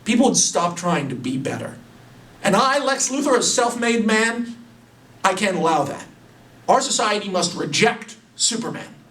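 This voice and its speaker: A man putting on a smug billionaire villain who lectures in grand, sweeping declarations. The voice sits high and lively. It sounds roomy and a little off-mic. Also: normal speed, recorded from a distance. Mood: grandiose. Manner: grandiose speechifying.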